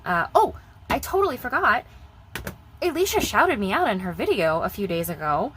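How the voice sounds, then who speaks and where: A woman's voice: mid-range voice, very animated, brisk, a little hiss or hum, low-quality recording. A young woman chatting casually in her vlog, rambling and repeating herself as she talks about budgeting. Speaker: budgeting vlogger.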